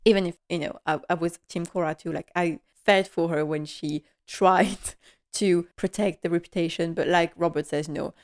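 A woman's voice: low-pitched, clear, resonant tone. A woman giving a casual, chatty, gushing recap of a television episode, often laughing as she talks. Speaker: TV recap vlogger.

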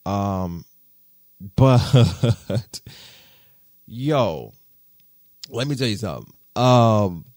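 A male podcast host talking off the cuff in loose, slangy speech. His pitch leaps high and drops low as he gets into a story. The sound is dry and close, with no room around him. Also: very slow, pauses often, dry recording. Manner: animated, slangy storytelling with swings in pitch and loudness. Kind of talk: casual podcast monologue.

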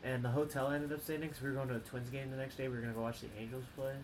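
A man's voice: mid-range voice, level tone, racing, background noise. A young man co-hosting a casual sports podcast, laid-back and laughing through his stories. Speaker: podcast co-host.

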